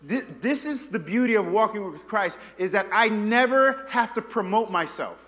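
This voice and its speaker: A man preaching in a casual, conversational way with a fairly high voice. He moves between loud bursts and near-hushed stretches, and a long reverb trails each phrase. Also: animated, moderate pace. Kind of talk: sermon.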